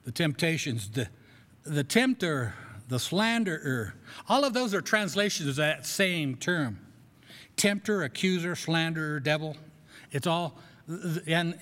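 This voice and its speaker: A man's voice: on the high side, fairly bright tone. Man preaching in an echoing hall. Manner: conversational, self-deprecating, with restarts. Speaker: pastor. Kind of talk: sermon. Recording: long echo of a large hall.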